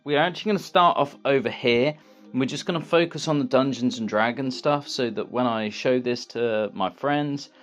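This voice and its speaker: A man's voice: mid-range voice, a bit bright, dull audio. A man, a toy collector, showing off his finds in a casual, rambling vlog. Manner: rambling, easygoing show-and-tell.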